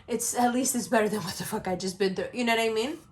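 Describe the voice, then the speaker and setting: A young woman with a fairly high voice gives an astrology reading in a loose, talk-to-camera monologue. She is blunt and emphatic and swears freely. She slows down and drops low, then speeds up into quick, high bursts. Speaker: astrology reader. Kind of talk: casual tarot reading monologue.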